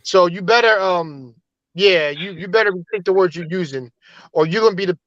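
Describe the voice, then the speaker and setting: A man with a high-pitched voice joins a casual panel chat and talks with emphatic, swaggering bravado. The sound is dry and a little dull, with no room around it. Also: normal speed, a bit bright, dry recording. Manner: emphatic, keeps saying "trust me", threatening bravado. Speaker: guest.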